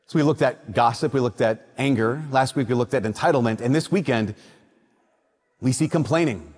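A priest from Minnesota reading the Gospel at Mass and then giving a conversational, story-filled homily. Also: male voice, medium pitch, normal speed. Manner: storytelling, conversational with lively asides. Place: church. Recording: church hall reverb.

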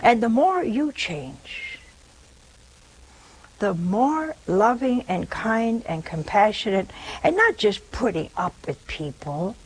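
A nun giving a spiritual talk in a conversational, gently teasing way, often checking in with her listeners with rhetorical questions. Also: mid-range voice, very animated, slow pace, husky, rough recording.

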